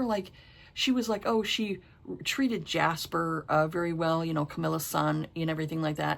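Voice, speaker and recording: A woman's voice: fairly low pitch, moderate pace, gravelly. A middle-aged woman reviewing books in casual chat, blunt and exasperated, with a habit of swearing. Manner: frank, exasperated and profane. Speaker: book reviewer.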